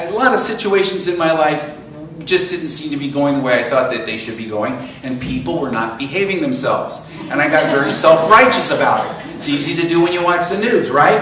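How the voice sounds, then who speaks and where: The sound has roomy echo from a far-off mic and a faint hiss or hum as a sixty-something minister delivers an animated, story-filled sermon in a church sanctuary. His voice is a little high, and he keeps asking the congregation questions.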